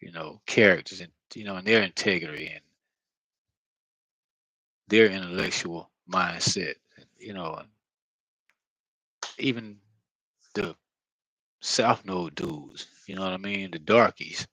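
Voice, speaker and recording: A man with a low voice talks through a rambling spiritual monologue, full of fillers and long sighs. He is earnest and blunt, swearing now and then. The sound is dry and close. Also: pushed and bright, dry recording, low-quality recording. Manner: halting, with many fillers and heavy sighs. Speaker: spiritual vlogger.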